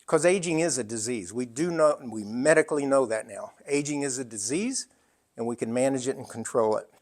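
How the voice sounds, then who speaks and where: An older man giving a storytelling business talk as an entrepreneur, animated and conversational with frequent asides. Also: medium pitch, a little fast.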